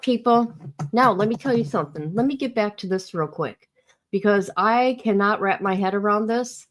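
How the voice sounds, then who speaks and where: A woman's voice: medium pitch, normal speed. A woman hosting a casual livestream, ranting heatedly about a court case and greeting viewers by name. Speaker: livestream host.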